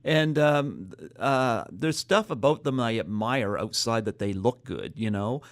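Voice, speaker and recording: A man with a Canadian accent hosting a casual interview, talking in a halting, stop-start way with many fillers. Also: medium pitch, expressive. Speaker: podcast host.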